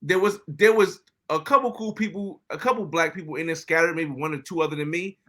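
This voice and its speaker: An American man, a podcast guest, telling travel stories in a casual, animated way, often acting out other people's lines. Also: a little high, a little fast. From United States. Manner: animated, acts out quoted dialogue. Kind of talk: casual storytelling interview.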